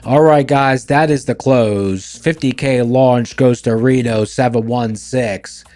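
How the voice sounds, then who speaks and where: A man hosting a live trading stream, talking casually and playfully to his chat through a voice changer that lowers his voice. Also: takes it slowly, darkish tone, faint music behind. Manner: playful, talks straight to chat.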